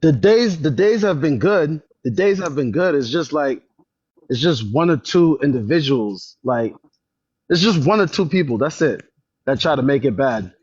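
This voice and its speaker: A man chats on a phone livestream, his voice a touch higher than most men's. He tells his story animatedly, repeating himself and raising his voice when upset. The sound is dull and dry, with the lo-fi feel of phone audio. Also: lively intonation, moderate pace, darkish tone, breathy edge, dry recording. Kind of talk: casual livestream chat. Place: public library.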